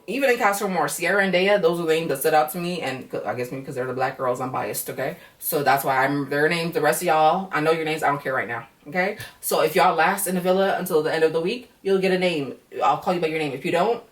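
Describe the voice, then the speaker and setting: A woman's voice: deep voice, far from the mic. Blunt, profane woman recapping a reality show. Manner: blunt, profane, chatty, acts out quotes. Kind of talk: casual candid episode recap.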